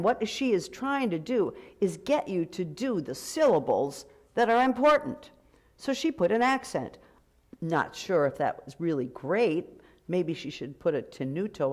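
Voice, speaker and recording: A woman directing a choir rehearsal. She gives direct commands and breaks into sung phrases to demonstrate. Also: on the low side. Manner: sings short phrases to demonstrate.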